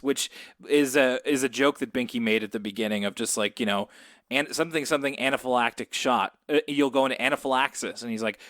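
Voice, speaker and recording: A podcast co-host recaps a cartoon in casual, rambling chat, laughing easily. His medium-pitched, slightly bright voice is captured in a dry, studio-quality recording.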